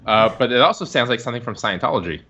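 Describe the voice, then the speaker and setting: Male podcast host; excitable rambler, bright tone, lo-fi stream audio. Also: mid-range voice, racing. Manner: rambling, excitable, laughs a lot. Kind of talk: casual chat. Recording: dull lo-fi stream recording.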